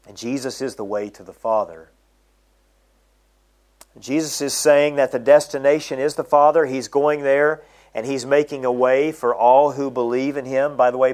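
A middle-aged man preaching a sermon, reading scripture aloud and slowing down to stress its key phrases. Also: mid-range voice, darkish tone.

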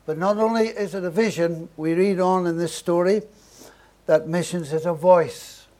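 A man's voice: high-pitched, fairly even intonation, normal speed, dark tone. A man preaching a sermon, earnest, building emphasis through short repeated phrases.

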